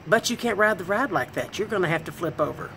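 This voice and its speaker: A woman's voice: on the low side, lively intonation, fast talker, fairly bright tone, a little hiss or hum, low-quality recording. A woman voicing a young male water park ride attendant, politely scolding and exasperated, in a voice raised above her own. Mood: stern.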